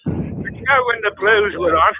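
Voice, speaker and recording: A man's voice: high voice, a little slow, sharp tone, husky. A man calling into a phone-in show, telling a rambling story with heavy swearing. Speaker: caller. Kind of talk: phone-in call. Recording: phone line.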